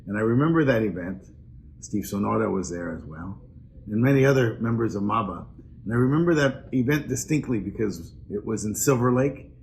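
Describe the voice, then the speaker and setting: Older male presenter, deep gravelly voice, warm earnest storytelling tone with a hint of hiss behind. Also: animated, fairly quick. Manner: reminiscing, earnest, hesitant fillers. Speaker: award presenter. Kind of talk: personal introduction speech.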